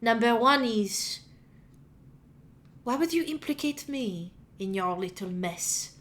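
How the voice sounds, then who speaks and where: A woman doing a regal, measured archbishop. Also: a little high, animated, a bit bright, a little hiss or hum. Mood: cold questioning. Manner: slow, measured, cool. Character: regal, composed female archbishop.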